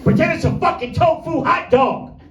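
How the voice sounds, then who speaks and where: A man's voice: extremely high pitch, moderate pace, soft background music. A male stand-up comedian doing a crude, rambling set and talking straight at a small crowd. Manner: brash, vulgar, rambling with crowd asides. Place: small comedy room with few people. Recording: echoey room, mic from a distance.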